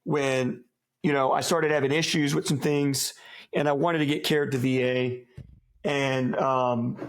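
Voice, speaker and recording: A man's voice: medium pitch, fairly even intonation, a little slow. A man from the United States, a former soldier, talking as a guest in a casual interview, laid-back and profane, full of buddy slang and rambling restarts. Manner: rambling, many restarts and asides.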